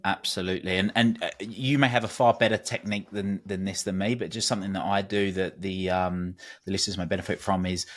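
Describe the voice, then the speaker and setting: A man's voice: low voice, fairly even intonation, fast talker, hardly any pauses. A man hosting a podcast interview, who talks in a hesitant way with frequent restarts. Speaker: podcast host, performance coach.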